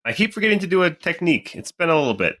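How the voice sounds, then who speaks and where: A man playing a tabletop game, calling out his attacks in a brisk, matter-of-fact way. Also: on the high side, very animated, pushed and bright. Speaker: player.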